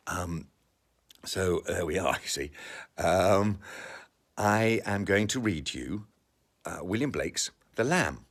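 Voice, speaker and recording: Man, deep and husky, friendly chat into a soft, slow poem reading, home booth. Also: animated. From partly Welsh. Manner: chatty and self-deprecating, then slow and hushed for the poem. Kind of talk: recorded poetry reading from home. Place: makeshift home sound booth.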